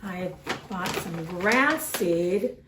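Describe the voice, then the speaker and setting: A woman kindergarten teacher speaking gently and coaxingly to young children, with a sing-song lilt. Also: lowish voice, lively intonation, very slow, echoey room, noisy background. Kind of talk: teaching kids over video.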